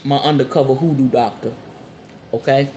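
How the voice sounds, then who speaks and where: A woman's voice: rumbling low, fairly even intonation, moderate pace, mellow, highs cut off. A woman in her forties hosting a podcast, talking casually and bluntly to her listeners, emphatic and a little scolding. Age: 40s. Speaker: podcast host and spiritual herbalist. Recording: roomy echo with faint ambient noise.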